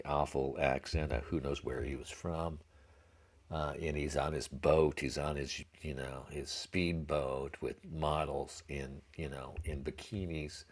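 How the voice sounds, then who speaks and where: A man's voice: extremely low pitch, a little mellow. A man ranting sarcastically and with profanity in casual livestream commentary. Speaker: livestream co-host.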